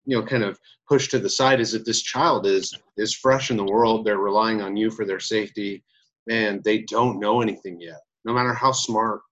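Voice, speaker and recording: A man's voice: lowish voice, moderate pace, a bit bright, rough recording. A man talking casually on a podcast, rambling and leaning on lots of filler words.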